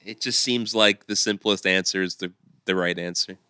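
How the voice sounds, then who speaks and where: A man's voice: sits low, fairly even intonation, moderate pace, pushed and bright, smooth, no echo. A middle-aged man co-hosting a casual podcast, dropping dry wisecracks. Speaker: podcast co-host. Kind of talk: casual chat.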